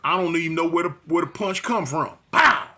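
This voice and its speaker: A man telling a street fight story in slangy, animated talk, acting out voices and punch sounds. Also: fairly high pitch, quick pace.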